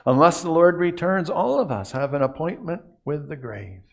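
A man preaching a sermon as a pastor, earnest, often dropping to a hushed voice on key phrases and repeating words as he goes. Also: fairly high pitch, sing-song, normal speed, gravelly.

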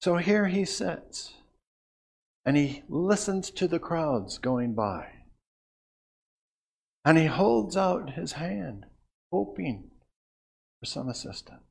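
A high-voiced man delivers a sermon at a slow, deliberate pace. He drops to near-whispers before surging into emphatic, declarative lines. He lets long pauses hang between his phrases. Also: big pitch swings, vocal fry, husky. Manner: dramatic swings from hushed to emphatic. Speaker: preacher. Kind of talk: expository sermon.

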